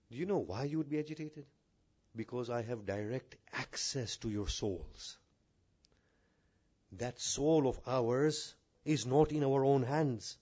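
Muffled preacher swinging hushed to loud. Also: male voice, mid-range voice, a little slow, breathy edge. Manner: rhetorical questions, swings from hushed to raised. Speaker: maulana. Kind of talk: sermon. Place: mosque.

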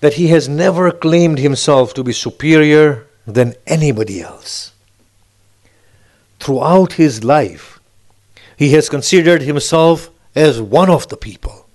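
A man's voice: on the high side, a little slow, darkish tone. A man delivering a sermon, posing rhetorical questions with emphatic, rising phrases. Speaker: preacher.

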